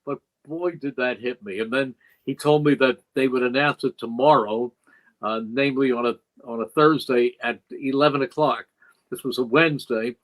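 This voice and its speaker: Heard on a low-quality recording, an older man with a mid-range voice and moderate pace shares stories during a podcast interview in a studio. Once a longtime play-by-play broadcaster, he looks back emotionally and quotes what people said.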